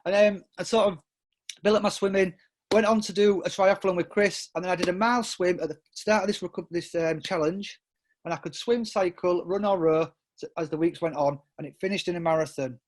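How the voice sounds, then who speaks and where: High-pitched and a little fast, a middle-aged Englishman shares stories casually as a podcast guest. He wanders off track, restarts repeatedly, uses lots of fillers, and frequently breaks into laughter.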